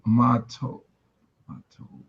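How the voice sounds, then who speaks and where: Hesitant male student, dull recording. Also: takes it slowly. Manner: hesitant, stumbles and restarts questions. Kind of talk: answering in class.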